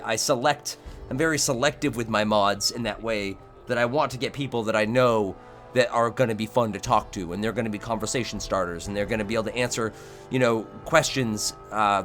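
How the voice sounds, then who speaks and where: A man's voice: on the low side, a bit bright. A young man hosting a game live stream, talking casually with his chat in a rambling, profane way.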